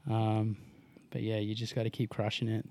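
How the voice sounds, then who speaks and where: A man's voice: on the low side, completely flat delivery, moderate pace, darkish tone. A young Australian man chatting casually as a podcast guest, giving easygoing advice and laughing often. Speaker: podcast guest, wingsuit pilot. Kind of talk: casual chat.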